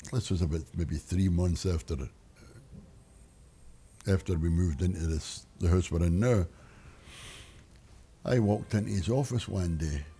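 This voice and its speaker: Old guy telling a rambling story, deep mellow voice, little music behind. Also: gravelly, slightly rough. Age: older. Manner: rambling, restarts sentences, wry. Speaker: interviewee.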